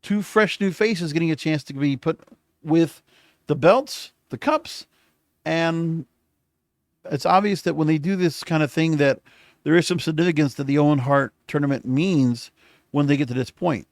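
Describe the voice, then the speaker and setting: A man's voice: on the high side, normal speed, no echo, clean studio sound. A man hosting a solo podcast, recapping in a casual, rambling way with frequent self-corrections, recording late at night. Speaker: podcast host.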